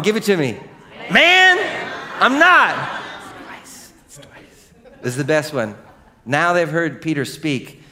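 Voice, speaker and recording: A middle-aged male pastor with a nasal voice, preaching animated, jokey sermon stories that drop to hushed earnestness. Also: mid-range voice.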